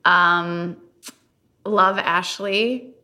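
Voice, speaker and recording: A woman's voice: on the low side, extremely slow, pushed and bright. A woman co-hosting a casual rewatch podcast, chatty and giggly as she reads out fan questions. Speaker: podcast co-host.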